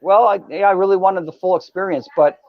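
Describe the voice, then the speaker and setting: A man's voice: high voice, steady tone, fast, no echo. A man chatting casually as a guest, telling stories with many restarts. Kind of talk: casual chat. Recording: dull lo-fi sound.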